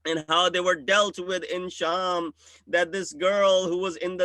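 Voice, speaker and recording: A man's voice: high voice, little pitch movement, measured pace, bright, forceful tone, dry recording. A man, a religious scholar, telling a solemn story in a mourning sermon.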